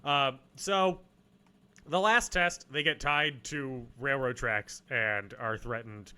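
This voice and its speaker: A man's voice: mid-range voice, slow pace, sharp tone, clean tone. A young man co-hosting a podcast, casually recapping a film with playful jokes. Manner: playful, jokey, breaks into silly voices. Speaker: podcast co-host.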